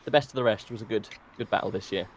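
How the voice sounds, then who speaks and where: A man's voice: fairly low pitch, a little hiss or hum. A man co-hosting a casual podcast who jokes and teases. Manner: joking, quick to tease. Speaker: podcast co-host. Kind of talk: casual chat.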